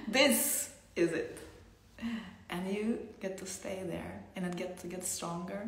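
Softly whispering woman teacher, echoey room. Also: fairly low pitch, takes it slowly. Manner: soft, breathy, often whispering, laughing. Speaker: tantra teacher. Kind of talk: spiritual teaching monologue.

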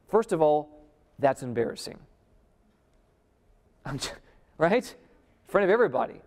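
Dramatic preacher in a reverberant hall. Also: male voice, fairly high pitch, sing-song, a little slow, pauses often. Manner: dramatic, swings between loud emphasis and hushed near-whisper; addresses the audience directly with questions. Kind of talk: sermon. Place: conference hall before a live audience.

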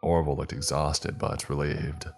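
A man reading a horror story as scripted narration, in a measured, even storytelling manner. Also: extremely low pitch, creaky, faint music behind.

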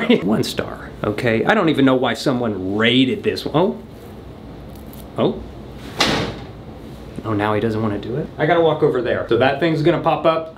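A man's voice: a little high, a little hiss or hum. A man hosting a comedic product-review vlog, sarcastically roasting cheap props with bursts of laughter. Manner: bursts of laughter and startled yelps.

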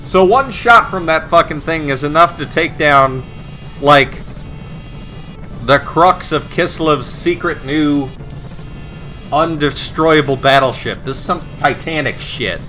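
A man giving profane, sarcastic, excitable commentary while playing a video game. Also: fairly high pitch, slow, soft background music. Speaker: let's play host. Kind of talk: gameplay commentary.

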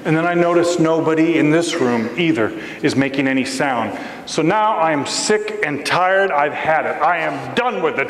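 A man giving a storytelling sermon as a guest preacher, animated and acting out voices in his story, recorded in a church sanctuary. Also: a little high, normal speed. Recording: echoey church hall with faint ambience.

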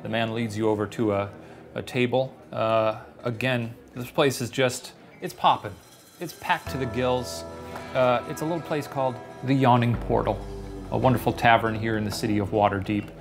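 A man's voice: mid-range voice, fairly even intonation, normal speed, music in the background. A man running a tabletop game as game master, hesitant and full of fillers, narrating and voicing a tavern keeper. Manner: hesitant, with many fillers and restarts.

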